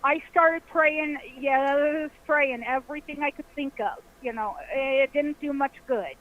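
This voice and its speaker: A woman caller with a high voice tells a ghost story at an unhurried pace. She paints the scene vividly, acting out the voices and the sounds as she goes. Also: narrow, tinny audio.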